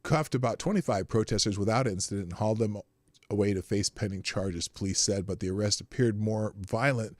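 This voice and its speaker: A man's voice: fairly low pitch, fairly quick, no room sound. A man hosting a live stream in a casual chatty way, reading articles aloud and laughing often. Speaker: live show host.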